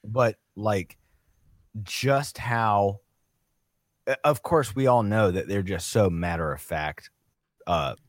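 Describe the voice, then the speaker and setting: A young man co-hosting a podcast, rambling through crude stories full of "like" and profanity. His voice sits fairly low and is recorded dry and close, with no room sound. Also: takes it slowly, long pauses, no echo. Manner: rambling, filler-heavy, profane. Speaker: podcast co-host. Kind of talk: crude casual chat.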